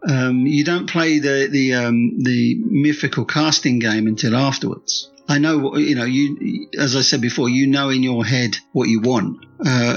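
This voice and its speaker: A man's voice: mid-range voice, lo-fi sound. A man guest author and screenwriter in a casual podcast interview, rambling with frequent restarts.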